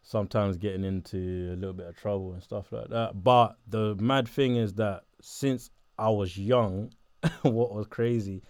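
A young man from southeast London with a South London accent, chatting casually in an interview, laid-back and quick to laugh. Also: fairly low pitch, fairly even intonation, darkish tone, dry recording, studio quality. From Botswana, raised in southeast London.

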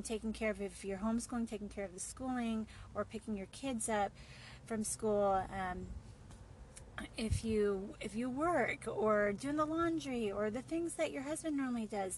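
A woman's voice: a little high, slight background noise, poor audio. A woman hosting her own podcast, talking in an earnest, reassuring way with a few fillers. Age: adult mother of boys. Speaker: podcast host. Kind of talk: encouraging solo podcast talk.

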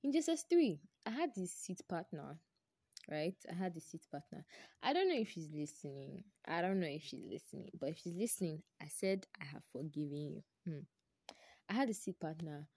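A young woman with a Nigerian English accent tells a story from her own life on her podcast. Her voice sits low and has a mellow, soft tone. She is lively and exclamatory, and the sound is close and dry. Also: brisk, breathy edge, dry recording. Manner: animated, exclamatory, repeats herself for emphasis. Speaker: podcast host.

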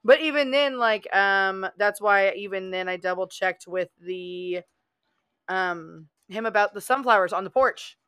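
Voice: mid-range voice, measured pace, fairly bright tone, smooth, no echo, clean studio sound. A podcast co-host in casual chat, rambling and laughing often.

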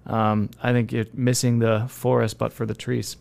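A man hosts a livestream panel and sums up what his guests have said, adding wry asides. His voice is gravelly but smooth and resonant. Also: medium pitch, level tone, moderate pace, a little mellow. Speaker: host. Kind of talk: casual discussion on a livestream panel.

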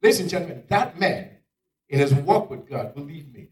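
A male preacher giving a dramatic sermon, swinging from loud exclamations down to near-whispers. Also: on the high side, sing-song, brisk, a little hiss or hum. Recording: echoey room, picked up from far off.

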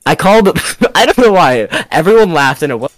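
A man's voice: fairly high pitch, very animated, brisk, no room sound. A young man on a casual podcast with friends, rambling through a story with restarts and laughs. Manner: rambling, self-interrupting storyteller with frequent laughs. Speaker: podcast co-host. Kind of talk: casual chat among friends.

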